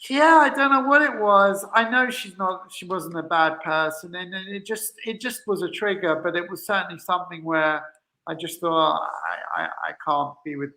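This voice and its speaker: A man's voice: high-pitched, moderate pace, sharp tone, reverberant, poor audio. A man co-hosting a candid personal conversation, speaking hesitantly with frequent restarts as he recounts past exchanges. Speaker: co-host.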